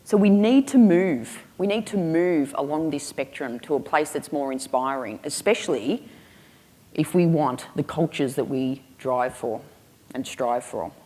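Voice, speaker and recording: A woman's voice: deep voice, unhurried, dark tone. A woman giving a keynote speech, telling stories with punchy humour and pointed rhetorical questions. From Australia. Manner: punchy, humorous, emphatic delivery with rhetorical questions. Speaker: keynote speaker. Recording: reverberant hall.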